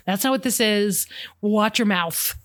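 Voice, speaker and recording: A woman's voice: mid-range voice, a little slow, natural voice. A woman voicing an angry young man who confronts someone sharply. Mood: indignant.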